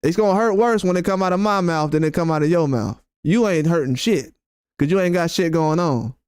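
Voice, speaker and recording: A man with a high, smooth, resonant voice delivers a blunt, profane rant on his boxing live stream. He hammers the same points again and again. The sound is dry and close, with no room echo. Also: a little fast, a little mellow. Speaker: boxing YouTuber host.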